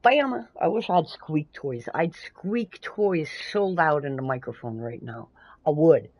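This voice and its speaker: A Canadian woman streaming a game live, chatting casually, swearing freely and breaking into loud playful outbursts. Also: low voice, measured pace, rough recording. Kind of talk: casual live-stream chat while gaming.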